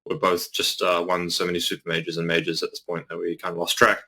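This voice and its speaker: A man, a podcast guest chatting in a relaxed, hesitant way. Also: sits low, fast talker. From New Zealand. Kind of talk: casual podcast chat.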